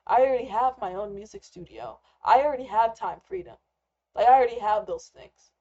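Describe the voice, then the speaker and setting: A young woman talks through an unscripted live rant, candid and rambling, swearing freely. Her voice sits a little high. The recording is somewhat dull and lo-fi. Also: fairly quick, warm tone. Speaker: trader and vlogger. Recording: slightly muffled lo-fi recording.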